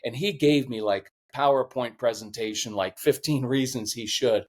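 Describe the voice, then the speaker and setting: A man's voice: medium pitch, moderate pace. Earnest middle-aged man, choked up. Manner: earnest, emotional, animated storytelling. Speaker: podcast guest, parenting coach. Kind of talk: conversational interview.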